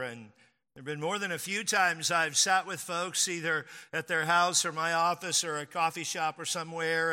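A man preaching to his congregation in an easy, storytelling way. His voice is very bright and sits a little high. The sound carries a long reverb from the hall. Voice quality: conversational, storytelling with acted quotes. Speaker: pastor. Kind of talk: sermon.

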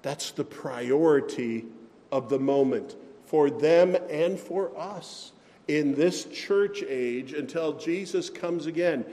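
A man preaching a sermon as pastor, speaking slowly and deliberately and giving scripture readings extra weight. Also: on the high side, dark tone, in a large hall.

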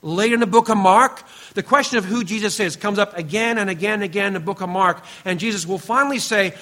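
A man delivers a sermon in a high, ringing voice. He is earnest and emphatic, often drops into a hushed, lower tone, and speaks to his listeners directly, even calling them out by name. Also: quick pace. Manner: earnest, emphatic preaching with frequent drops to a quiet, low voice; speaks directly to the congregation, teasing members by name. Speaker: pastor.

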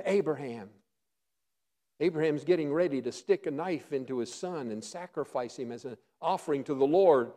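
High-voiced preacher swinging loud and soft. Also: male voice. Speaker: pastor. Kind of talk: sermon.

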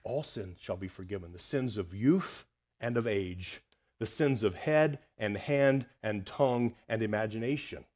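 A man preaching a sermon earnestly, rising to loud emphasis and dropping to hushed, near-whispered lines. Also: fairly low pitch, a little slow. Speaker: pastor.

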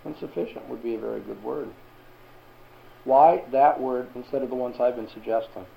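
A man's voice: medium pitch, normal speed, vocal fry, highs cut off. A man teaching a Bible lesson to a class and asking them questions.

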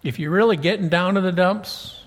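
A man preaching a sermon as pastor, animated and conversational, full of rhetorical questions. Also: high-pitched, moderate pace, big-room sound.

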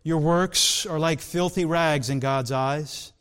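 A man preaching a sermon in an earnest, emphatic way, drawing out key words slowly. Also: a little high, a bit bright, clean tone. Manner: earnest, emphatic, with slow drawn-out stresses.

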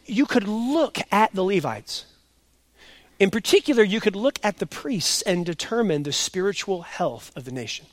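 A man with a high voice gives an expository sermon from the pulpit. He leans hard on his key lines, then drops to a quiet aside, and he slows down to repeat what matters. The sound is dry, close and without room echo. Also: very animated. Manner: emphatic, swinging between loud stresses and quiet asides; explains slowly and repeats key points. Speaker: pastor.

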